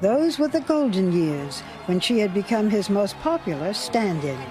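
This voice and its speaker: A woman narrating a TV segment and asking measured, probing questions in an interview. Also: medium pitch, big pitch swings.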